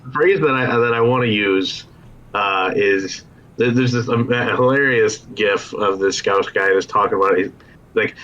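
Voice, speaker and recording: A man playing a tabletop game from home, rambling and scattered in quick bursts. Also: fairly low pitch, fairly bright tone. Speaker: player. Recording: slightly muffled lo-fi mic.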